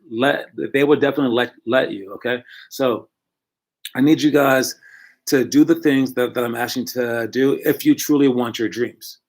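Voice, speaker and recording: A man coaching young basketball players, giving a casual, encouraging motivational talk from home into a computer microphone and correcting himself as he goes. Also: mid-range voice.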